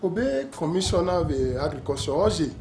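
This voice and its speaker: A man's voice: on the high side, very animated, moderate pace, gravelly, over music. An actor playing a deferential Nigerian commissioner reporting hesitantly to his governor.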